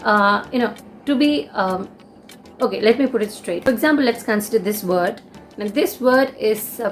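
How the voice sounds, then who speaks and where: Young woman with an Indian English accent, teaching at a mid pitch over faint music and explaining carefully. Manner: explanatory, with many fillers and restatements. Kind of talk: casual video lesson.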